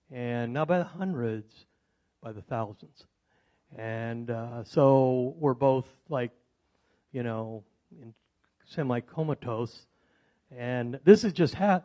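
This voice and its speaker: A middle-aged man at a club meeting, telling a personal story to an audience in a rambling way with many fillers and restarts. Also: fairly high pitch. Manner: grows loud and excited when recounting surprises.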